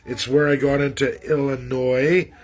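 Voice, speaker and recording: A man's voice: medium pitch, moderate pace. A Canadian man from Alberta with an Albertan accent, talking in a rambling, earnest livestream monologue with many restarts and fillers. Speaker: livestream host. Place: outdoors in a rural area.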